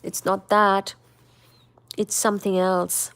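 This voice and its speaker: A woman voicing a composed but hurt young woman in a novel read aloud, quiet and restrained. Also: medium pitch, flat delivery, slow.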